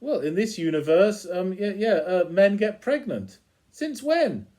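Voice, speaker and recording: A man's voice: high-pitched, big pitch swings, unhurried, warm tone. A man casually retelling a TV episode as a reviewer, chuckling between lines.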